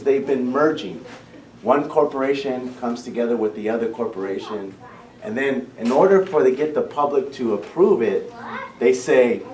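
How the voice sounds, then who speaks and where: A man's voice: medium pitch, a little mellow. Male program founder, fired-up talk to parents, heard from across an echoing room. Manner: passionate, repeats and restarts phrases. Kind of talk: impassioned public talk. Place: school meeting room. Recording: echoey room, distant mic, faint hum.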